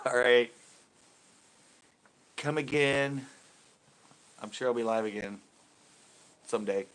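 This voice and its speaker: A man hosts a relaxed live stream from his home, answering viewers as they drop in. His voice is bright and forceful, and he laughs freely between his chatty remarks. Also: mid-range voice, takes it slowly, pauses often. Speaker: host of a live after-show stream.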